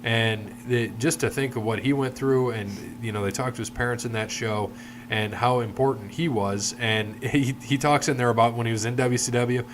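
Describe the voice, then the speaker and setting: At normal speed and with fairly even intonation, a medium-pitched man co-hosts a laid-back podcast over a little hiss or hum. He spins long, meandering stories and imitates the people in them.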